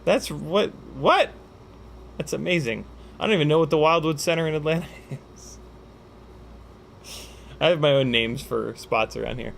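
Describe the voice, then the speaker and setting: A man's voice: a little high, normal speed, creaky, long pauses, slight background noise. A man hosting a casual livestream Q&A, joking, swearing and rambling with lots of fillers while he reads out viewer questions. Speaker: livestream host.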